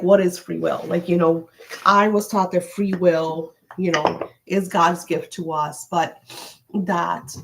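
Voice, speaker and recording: A middle-aged woman talks loosely and warmly on a live stream from her home, with a slightly low voice. She rambles from thought to thought and leans on fillers as she chats. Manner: rambling, chatty, heavy on fillers. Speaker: host of a spiritual live stream. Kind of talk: casual live-stream chat.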